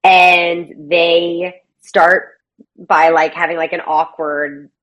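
A woman guest talks in a relaxed, conversational way. Her voice sits a touch low, and she is animated and chatty, tossing in quick mimicked lines as she retells a story. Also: low-quality recording. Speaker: guest, playwright and actor. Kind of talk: casual conversational interview.

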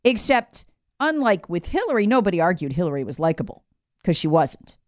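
A woman's voice: on the low side, big pitch swings, brisk, dry recording, studio quality. A woman hosting a political talk show, giving sarcastic, mocking commentary and drilling points home with "remember". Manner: slips into mock voices to ridicule officials.

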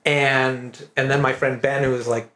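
A man from Maine, a cartoon creator, chatting loosely as a guest, rambling and laughing and dropping into quick character voices. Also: medium pitch, flat delivery, sharp tone. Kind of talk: casual podcast conversation. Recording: echoey room with faint noise.

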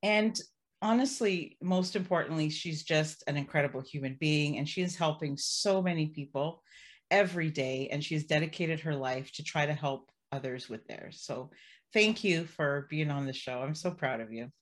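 A woman hosting a podcast, introducing her guest with admiration and gently encouraging her to share. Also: deep voice, moderate pace. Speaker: podcast host. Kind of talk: interview introduction and questions.

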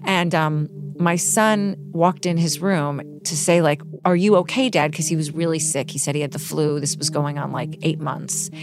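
A middle-aged woman, an interview guest, has a low voice with a steady tone. She retells a painful personal story, halting and emotional, with many restarts.

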